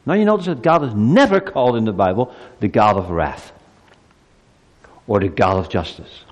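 A man in his fifties delivers a Christmas sermon in a church with a lively, swinging pitch. He drops to hushed asides and then climbs to loud, ringing peaks. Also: normal speed, big-room sound. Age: 50s. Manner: animated preaching, rising loud on climaxes, dropping to soft asides. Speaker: pastor.

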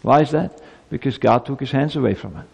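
A man's voice: medium pitch, fairly quick, gravelly, darkish tone, husky. A man preaching a sermon to a congregation, emphatic, with rhetorical questions and stammered repeats. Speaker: pastor. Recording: long hall reverb.

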